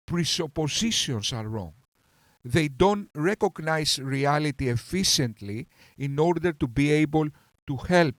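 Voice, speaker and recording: Slow, heated man ranting scornfully. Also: fairly high pitch, no echo. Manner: heated, scornful and insulting, swinging between outbursts and calmer stretches. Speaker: commentary channel host. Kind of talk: reaction commentary rant.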